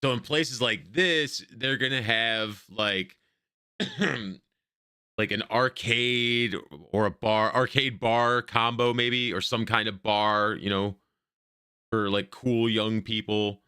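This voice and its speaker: Blunt, bright-voiced American streamer man. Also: fairly low pitch, steady tone, slow, smooth, no echo, studio quality. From United States. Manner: blunt, swears freely, rambling lists. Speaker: streamer reacting to a video. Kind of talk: casual livestream commentary.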